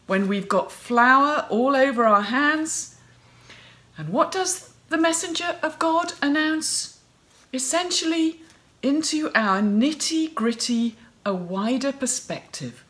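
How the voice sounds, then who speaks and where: A woman preaching a sermon in an expressive way, playfully acting out voices as she tells the story. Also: sits high, takes it slowly.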